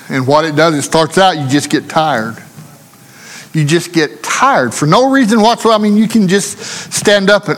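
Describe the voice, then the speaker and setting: A man's voice: on the high side, lively intonation, moderate pace, fairly bright tone. A male preacher giving a sermon in earnest, repetitive rhetorical questions, speaking in a church. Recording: long hall reverb.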